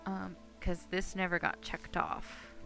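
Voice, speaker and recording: A woman's voice: on the low side, little pitch movement, takes it slowly, gravelly. A woman streamer chatting playfully to herself as she plays a game, giggling often. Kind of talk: casual gameplay commentary. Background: soft game music.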